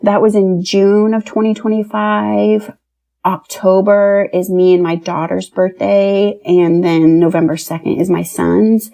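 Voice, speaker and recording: A woman's voice: mid-range voice, little pitch movement, measured pace, gravelly, mellow. A woman in her thirties from Pennsylvania, telling her personal story as a podcast guest and acting out the dialogue as she retells it. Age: 30s.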